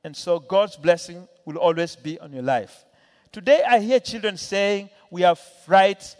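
A man preaching in a church hall, his voice sitting high for a man and ringing out with a long reverb. He tells a Bible story with swings in pitch and loudness, acting out the characters and calling questions to the congregation. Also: animated, normal speed. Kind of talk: sermon.

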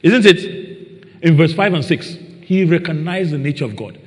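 A man's voice: on the high side, lively intonation, moderate pace. A man preaching a sermon, often asking his listeners rhetorical questions. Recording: long reverb in a large hall.

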